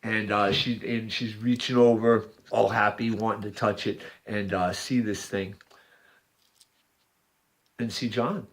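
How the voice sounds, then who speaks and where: A man's voice: on the low side, fairly even intonation, unhurried, long pauses. A man rambling in a casual monologue, describing a picture with hesitant, repetitive restarts. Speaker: video maker.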